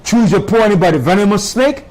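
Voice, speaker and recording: Male preacher, high voice that swoops widely, emphatic, keeps checking in with the congregation. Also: expressive, a little fast, a little mellow, low-quality recording. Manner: emphatic preaching with dramatic pitch swings; rhetorical questions to the congregation. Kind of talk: sermon.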